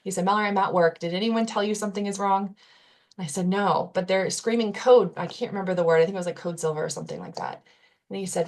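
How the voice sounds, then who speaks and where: A woman's voice: mid-range voice, steady tone, fast. A young adult woman, a podcast guest, telling a personal story in an earnest, candid way with casual fillers and restarts.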